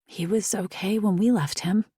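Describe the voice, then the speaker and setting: A woman's voice: medium pitch, fairly even intonation, moderate pace, husky, no echo, clean studio sound, pitched above the performer's own voice. Woman reading Savannah, guarded and secretive. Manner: evasive, quiet.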